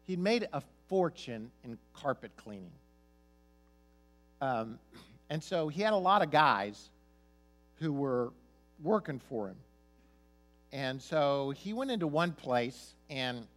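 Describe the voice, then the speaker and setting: A man preaching a sermon as pastor, telling stories, his voice swinging from loud emphasis to soft, quiet asides. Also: a little high.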